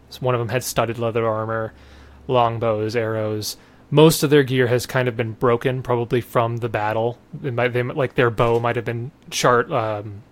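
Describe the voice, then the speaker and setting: A man narrating as game master in a casual, halting way, full of fillers and restarts. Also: medium pitch.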